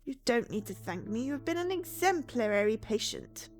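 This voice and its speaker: A woman's voice: fairly high pitch, sing-song, moderate pace. Woman reading as a formal, reassuring male doctor.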